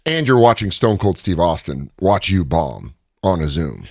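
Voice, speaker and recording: Man, stand-up comedian, casual storytelling, animated, laughing, lowish voice, dry studio sound. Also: moderate pace, vocal fry, dry recording. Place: recording studio.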